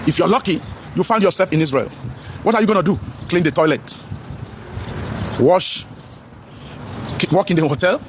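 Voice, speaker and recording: A man with a Nigerian accent giving a loud, preachy vlog commentary. He addresses viewers as his brothers, repeats himself and mixes English with Pidgin. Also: high-pitched, expressive, moderate pace, long pauses, slight background noise.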